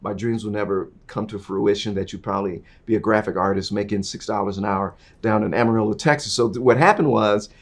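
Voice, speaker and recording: A middle-aged man telling his career story in an interview, acting out the people in it and swinging from quiet asides to loud, excited bursts. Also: fairly quick, hardly any pauses. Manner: animated, acts out dialogue, swings from low asides to loud bursts. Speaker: interview guest.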